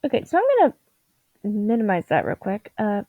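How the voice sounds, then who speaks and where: A woman's voice: mid-range voice, sing-song, fairly quick, no echo. A tired young woman at home at night, giving casual commentary while drawing, rambling and giggling to herself. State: tired, groggy. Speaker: digital artist vlogger. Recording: dull lo-fi home mic.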